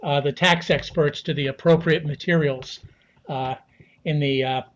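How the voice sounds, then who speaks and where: American man, guest interview, halting and thoughtful, slightly raised pitch, muffled lo-fi sound. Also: fairly even intonation, slight background noise. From United States. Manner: measured, many fillers and restarts. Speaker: guest analyst. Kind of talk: unscripted interview answers.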